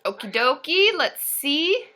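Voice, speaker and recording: A woman hosting a casual live stream, bubbly and excitable, chatting with viewers, often cheering and giggling. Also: high-pitched, takes it slowly. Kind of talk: casual livestream chat reading viewer comments.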